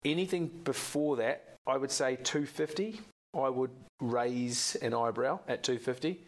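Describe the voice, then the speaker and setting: A man's voice: medium pitch, measured pace. An Australian man co-hosting a sports podcast, chatting casually and opinionated, rambling and swearing now and then. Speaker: podcast co-host.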